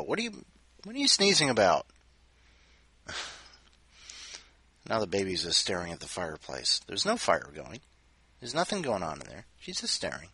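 Husky-voiced man hosting casually. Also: sits low, huge pitch swings, moderate pace, long pauses. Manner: chatty, coos softly to his cats. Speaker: podcast host. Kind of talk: casual chat.

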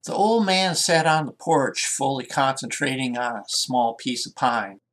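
A man reading a short story aloud in an unhurried way, with musing asides. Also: mid-range voice, fairly bright tone.

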